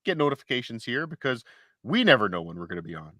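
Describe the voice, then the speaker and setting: A man's voice: medium pitch, big pitch swings, fast talker, bright, forceful tone, no echo, studio quality. A man co-hosting a casual livestream chat, rambling and joking with mock-indignant asides. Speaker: co-host.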